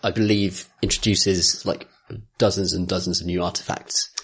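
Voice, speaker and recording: A man with a low, husky voice chats casually about tabletop games. He mostly chimes in to agree, and when he takes a turn he sounds blunt and amused. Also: flat delivery, normal speed, fairly bright tone. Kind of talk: casual tabletop gaming chat.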